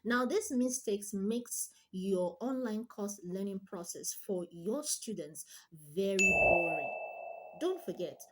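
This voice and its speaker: A woman online tutor giving an emphatic instructional talk, stressing her points with deliberate repetition. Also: medium pitch, animated, a little mellow, slight background noise.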